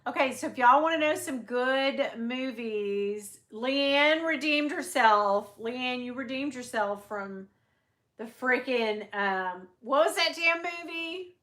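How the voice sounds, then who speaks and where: A middle-aged woman hosting a casual livestream, chatty and quick to swear and laugh. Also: sits high, animated, fairly bright tone. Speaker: livestream host.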